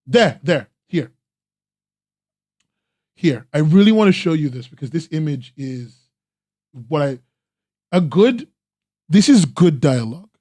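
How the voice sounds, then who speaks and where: A man's voice: fairly high pitch, very animated, measured pace, pauses often, mellow, dry recording. A man casually reviewing webcomics on a stream, rambling with lots of "like" and restarts, eager in his praise. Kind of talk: casual live-stream commentary.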